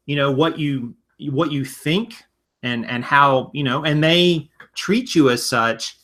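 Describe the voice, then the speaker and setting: A man's voice: mid-range voice, sharp tone. A man co-hosting a casual live-stream business chat with his wife, joking and then explaining earnestly. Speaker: co-host of a live reselling business show.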